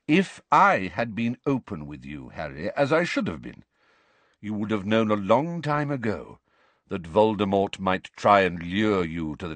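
A man's voice: on the low side, no room sound. A man doing Dumbledore, serene old wizard. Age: older. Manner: slow, soft, measured and steady. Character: calm, serene old male wizard headmaster.

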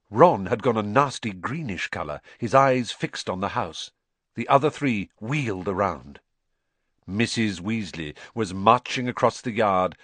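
A man narrates a fantasy audiobook with an animated, wide-ranging delivery. The recording is dry and close, with no room sound. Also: on the low side, no echo. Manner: expressive storytelling. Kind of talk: scripted narration.

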